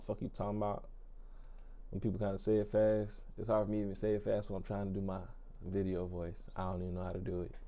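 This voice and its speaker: Low, mellow-voiced man. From Memphis, Tennessee, US. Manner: relaxed, explanatory, with frequent fillers and asides. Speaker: music reaction host. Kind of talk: casual reaction commentary.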